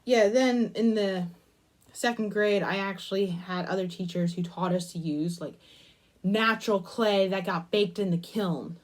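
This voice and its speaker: A mid-range voice, a little slow, belongs to a young adult woman hosting a crafting channel. She chats casually over her clay work, wandering between the task and a long, rambling tale from her childhood.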